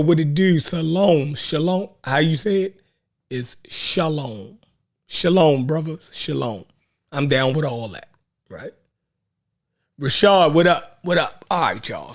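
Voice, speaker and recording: A man with a Baltimore accent hosting a live online show, chatting in a rambling, laid-back way with lots of fillers and shout-outs to viewers. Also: fairly high pitch. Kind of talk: casual livestream chat.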